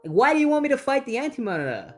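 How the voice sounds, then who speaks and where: A narrator voicing a panicky resurrected male hero, talking high and pleading. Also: moderate pace, faint music behind, natural voice.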